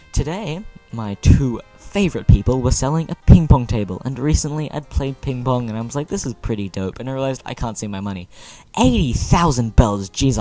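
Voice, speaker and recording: Jokey young man narrating gameplay. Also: medium pitch. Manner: animated, jokey, exaggerated dismay. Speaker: gaming video host. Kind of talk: casual gameplay commentary.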